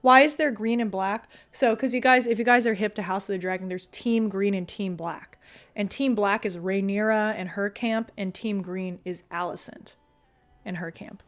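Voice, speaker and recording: A woman's voice: mid-range voice, fairly even intonation, moderate pace. A young woman streaming and chatting casually with her viewers, loose and talkative, full of fillers and casual swearing. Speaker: streamer reading chat.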